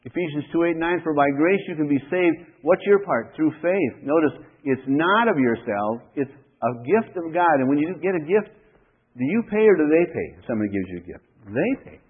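A man's voice: fairly high pitch, expressive, moderate pace, husky. A man preaching a sermon to his congregation, emphatic and full of rhetorical questions. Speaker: pastor. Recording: tinny phone-like sermon recording.

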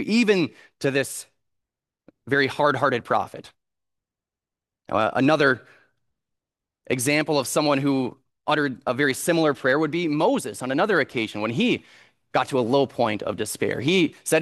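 Male pastor, mid pitch, measured earnest sermon delivery, dry close-miked sound. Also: expressive, a bit bright, dry recording. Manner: earnest, measured preaching with slow emphatic scripture reading.

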